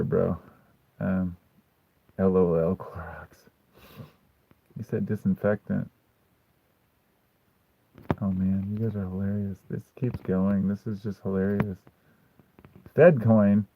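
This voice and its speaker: A man's voice: deep voice, flat delivery, unhurried, vocal fry, long pauses, dry recording. A man hosting a live chat stream, reading comments and answering them bluntly and sarcastically, swearing often and saying "dude" a lot. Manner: argumentative, frequent "dude". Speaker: livestream host reading chat. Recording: dry, tinny phone-like sound.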